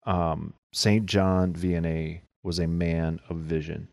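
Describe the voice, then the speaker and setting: Man, very low voice, casual rambling podcast talk, lots of filler words, dry close sound. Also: flat delivery, slow, vocal fry, darkish tone, no room sound. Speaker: podcast co-host. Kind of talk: casual chat.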